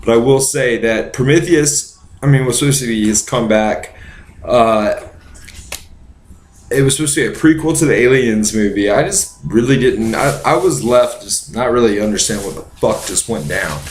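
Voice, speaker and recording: A man's voice: mid-range voice, normal speed, a little hiss or hum. A drunk man hosting a casual movie chat, rambling and profane, going off on tangents. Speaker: podcast host. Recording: roomy echo.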